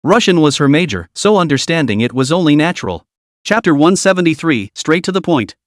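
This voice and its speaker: A man reading a scripted story recap as narrator, keeping an even storytelling read. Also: fairly high pitch, brisk, dry recording, studio quality.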